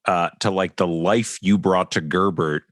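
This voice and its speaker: Man, podcast host, low voice, dry close sound, casual rambling chat. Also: fairly even intonation, measured pace, no room sound. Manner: enthusiastic, rambling with fillers.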